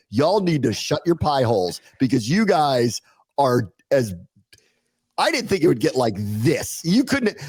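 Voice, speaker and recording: A man co-hosting a sports podcast, animated and sarcastic, laughing often in casual talk. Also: on the high side, no echo. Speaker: podcast co-host.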